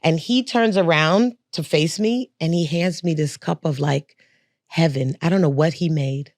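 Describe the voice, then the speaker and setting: Woman guest, lowish voice, frank reflective storyteller, dry studio sound. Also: a little slow, a little mellow, no room sound. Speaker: podcast guest. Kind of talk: casual chat.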